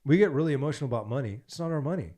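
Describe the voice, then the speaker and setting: A man speaking as a podcast guest in an animated, preachy way, stacking repeated phrases as he coaches. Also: mid-range voice, very fast.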